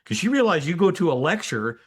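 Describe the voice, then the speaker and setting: An older man, a physician and energy healer, telling a story as a podcast guest in an animated, emphatic way with asides to the listener. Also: on the high side, fairly quick, husky. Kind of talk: conversational storytelling in an interview.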